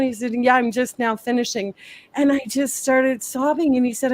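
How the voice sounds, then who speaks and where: A woman's voice: sits high, steady tone, moderate pace. Chatty woman telling a story. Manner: chatty storytelling with many fillers. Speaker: guest tarot reader and medium. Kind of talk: casual chat.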